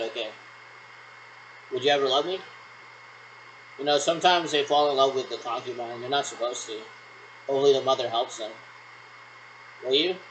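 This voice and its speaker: A man's voice: mid-range voice, fairly bright tone, a little hiss or hum, rough recording. Rambling man doing pretend radio checks. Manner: rambling, uses radio "over" calls. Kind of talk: solo role-played radio checks.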